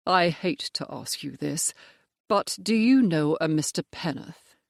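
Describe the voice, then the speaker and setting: A narrator voicing a stern male cavalry major who speaks in a measured, firm way in an audiobook. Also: fairly high pitch, expressive, gravelly, no room sound, clean studio sound. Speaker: character in an audiobook. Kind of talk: audiobook character voice.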